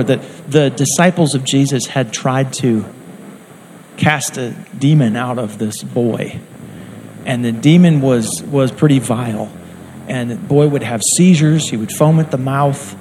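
A man's voice: medium pitch, a little slow, darkish tone, slight background noise, low-quality recording. A man preaching a sermon in an earnest, conversational way, acting out quotes as he goes.

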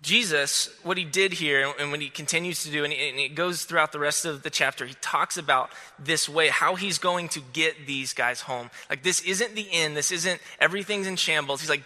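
Bright-voiced man preaching casually. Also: fairly high pitch, moderate pace, hardly any pauses, in a large hall. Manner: casual and rambling, many restarts and fillers. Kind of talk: casual sermon.

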